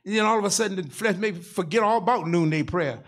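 A man's voice: high-pitched, fast talker, faint music behind. A man in his sixties preaching a sermon as pastor, in a folksy, rhythmic style that repeats phrases and calls for responses from the congregation. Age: 60s.

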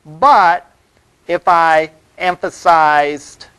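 Chatty college lecturer, fairly high voice. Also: male voice, fairly even intonation, very slow, sharp tone, clean tone, rough recording. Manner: loose and conversational, many fillers and "all right?" check-ins. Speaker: college web development instructor. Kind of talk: classroom lecture. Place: classroom.

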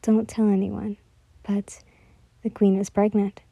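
A woman voicing a calm, loyal young man from a royal court, gentle and reassuring, while reading a story aloud. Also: mid-range voice, slow, vocal fry, slightly rough, no room sound, full character voice.

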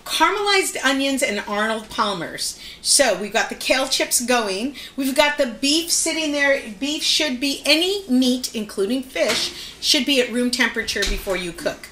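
A woman hosts a live cooking show from her kitchen, chatting easily as she walks through each step. Her voice is bright and a touch high. The room is echoey, with pots and dishes clinking behind her. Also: expressive, normal speed, slight background noise. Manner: chatty, explains steps while cooking. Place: home kitchen.

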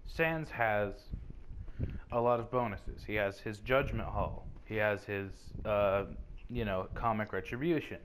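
A man's voice: on the low side, a little hiss or hum. A young man co-hosting a casual fan debate, rambling and stammering as he gets going. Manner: rambling, restarts and stammers when excited. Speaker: co-host.

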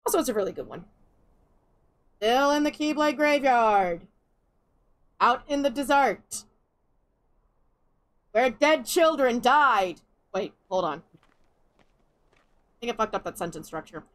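A woman's voice: fairly high pitch, animated, normal speed, long pauses. A young woman giving casual, sarcastic gameplay commentary, swearing freely and laughing often. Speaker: let's play streamer.

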